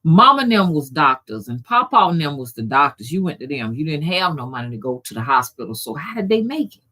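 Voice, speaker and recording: A woman's voice: low voice, sing-song, fairly quick, sharp tone. A middle-aged woman, hosting a casual livestream chat, folksy and profane, greeting viewers by name. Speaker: rootworker and channel host.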